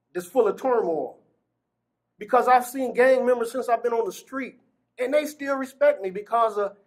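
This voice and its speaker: A middle-aged man from Gary, Indiana, recounting his own story in an earnest, heartfelt way. His voice sits high for a man, and he laughs often as he talks. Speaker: exoneree telling his story. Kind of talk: personal testimony.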